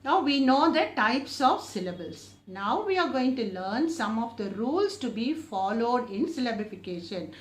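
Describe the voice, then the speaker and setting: A woman teaching children an English lesson, stretching out each word slowly and often saying it twice, then asking the class questions and answering them herself. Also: fairly high pitch, sing-song, reverberant. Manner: slow, drawn-out modelling of each word, often repeated.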